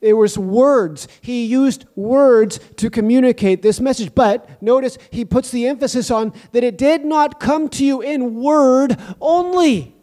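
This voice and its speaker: A man's voice: extremely high pitch, a little slow, hardly any pauses, mellow. A man preaching a sermon and praying fervently, with emphatic repetition of phrases. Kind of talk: sermon with prayer.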